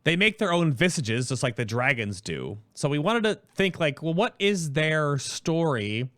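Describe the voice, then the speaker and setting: A man hosting his stream, talking casually and quickly about a project, rambling through explanations. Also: fairly high pitch, very animated, a bit bright, no room sound. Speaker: host.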